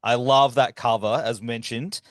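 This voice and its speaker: A podcast host keeps the interview loose and casual, laughing along with his guest and swearing now and then. He speaks at a middle pitch for a man, recorded close and dry. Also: steady tone, a little slow, no room sound.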